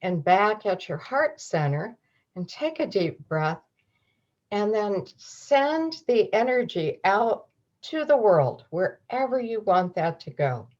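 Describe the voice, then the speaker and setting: A woman leading a closing grounding meditation, giving calm, slow instructions over a video call. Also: medium pitch. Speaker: guided grounding leader. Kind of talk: guided meditation. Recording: dull lo-fi video call audio.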